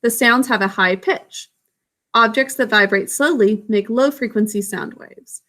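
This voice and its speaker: A woman teacher explaining a science lesson to children. She speaks slowly and patiently in a fairly high voice. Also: a bit bright.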